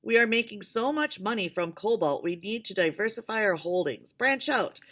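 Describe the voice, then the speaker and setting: A woman voicing a loud, greedy male mining tycoon who shouts pushy demands. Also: medium pitch, lively intonation, normal speed, pitched above the performer's own voice.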